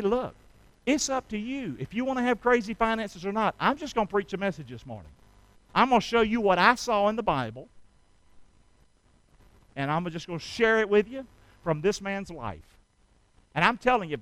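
Pastor, man, middle-aged, call-and-response sermon, high voice, crisp and dry. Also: no room sound, low-quality recording. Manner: call-and-response preaching, swings from soft to loud.

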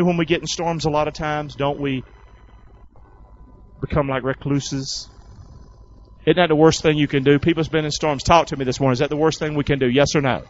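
A pastor preaches to his congregation in a church hall, asking them questions and having them repeat words back to him. His voice is fairly high-pitched, and the sound is lo-fi.

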